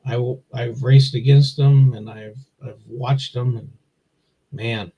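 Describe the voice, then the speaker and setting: A man from Wisconsin talking casually as a guest on a podcast, with a husky, slightly breathy voice. He rambles in a plainspoken way and restarts his phrases. The sound comes through muffled and lo-fi, like a remote call. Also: medium pitch, fairly even intonation, slow pace. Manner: rambling, repeats himself, plainspoken. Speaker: guest, gasser drag racer. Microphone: remote video call.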